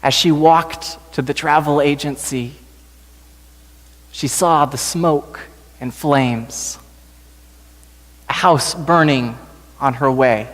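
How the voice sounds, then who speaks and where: A male pastor slowly telling a story during a sermon in a church sanctuary. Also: fairly high pitch, fairly even intonation, big-room sound. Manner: slow, gentle storytelling.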